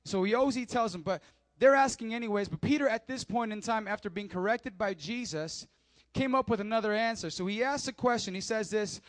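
A pastor delivering a sermon in church, animated, swinging between hushed asides and loud emphatic lines. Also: male voice, sits high, fairly quick, no echo. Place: church service.

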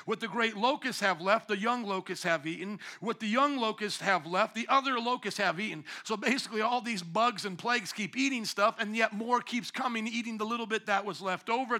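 A man pastor preaching a sermon, breaking into sudden loud emphatic bursts. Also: high voice.

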